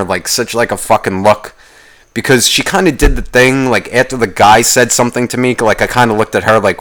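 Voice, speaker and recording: A young man hosting a podcast, telling a rambling everyday story in a profane, animated ranting way. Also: on the low side. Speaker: podcast host. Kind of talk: casual solo podcast rant.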